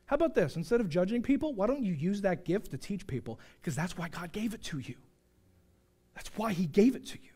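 High, lively male pastor preaching. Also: brisk, breathy edge. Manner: animated, joking, swinging from shouts to hushed asides. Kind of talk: sermon. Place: church sanctuary.

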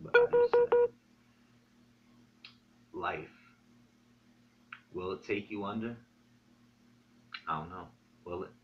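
A man's voice: low voice, pushed and bright. A man talking straight to the camera in a vlog, earnest and heavy on swearing as he preaches self-improvement. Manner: earnest, profane, preachy pep talk. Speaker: vlogger. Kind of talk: direct-to-camera vlog monologue. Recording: dull lo-fi sound with faint hum.

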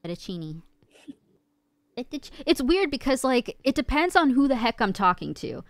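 A woman's voice: high voice, sing-song, moderate pace, no echo. A woman co-hosting a gaming stream in casual chat, talking loosely with lots of fillers and acting out family quotes. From from an Italian immigrant family. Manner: chatty, many "like" fillers, acts out family quotes.

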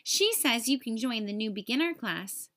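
A woman's voice: a little high, animated, normal speed, no echo, clean studio sound. A woman voicing a kind, supportive mother in a storybook read-aloud. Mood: encouraging. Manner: gentle, encouraging.

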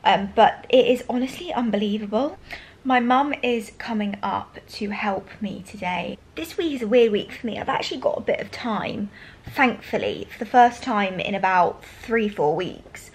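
A young woman chats casually to camera in a vlog, gushing and talkative, using many fillers and sounding a bit out of breath. Her voice is medium-pitched, and the recording quality is low.

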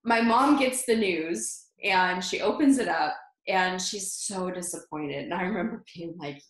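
Lower-voiced woman telling a story, roomy sound. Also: measured pace. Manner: animated, laughs often, many fillers and restarts. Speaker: interview guest. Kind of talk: personal storytelling in conversation. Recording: roomy echo.

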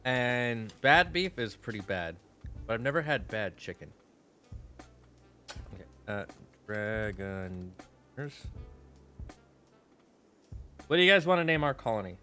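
A man's voice: medium pitch, big pitch swings, moderate pace, long pauses, pushed and bright, faint music behind. A man chatting playfully with his viewers while streaming a game. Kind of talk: casual live-stream chat while gaming.

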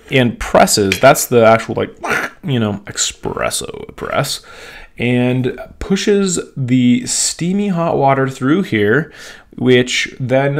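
A man talks straight to his viewers in a loose, rambling home vlog. He is buzzing on caffeine, excitable and quick to jump between thoughts. His voice sits at an everyday middle pitch. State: wired on caffeine. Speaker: vlogger.

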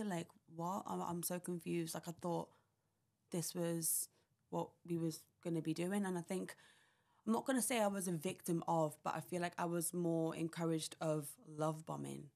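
A woman's voice: sits low, vocal fry, a little mellow. A young woman on a podcast, telling a personal story in a rambling way, full of "like" and acted-out quotes. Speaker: podcast guest.

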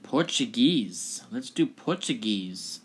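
A man's voice: medium pitch, sing-song, slow pace, husky. A man hosting a casual video, chatty and offhand as he introduces each clip. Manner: chatty and offhand, laughing at the results. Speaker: video host. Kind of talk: casual vlog presenting.

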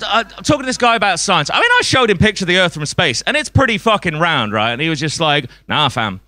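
A man's voice: high voice, pushed and bright, a little hiss or hum. A man doing a stand-up comedy set on a club stage, swearing a lot and chuckling at his own jokes.

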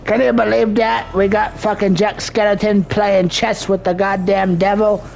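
A man's voice: sits high, level tone, normal speed, creaky, darkish tone, soft background music. A man ranting and swearing constantly while commenting on a video game he is playing. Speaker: gamer. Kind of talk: profane gameplay commentary.

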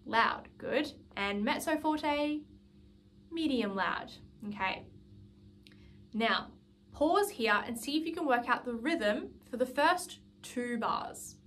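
Woman sax teacher, high voice, patient, counts out rhythms and walks through it step by step. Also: lively intonation, slow pace, a bit bright, a little hiss or hum. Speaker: music teacher. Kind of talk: online saxophone lesson.

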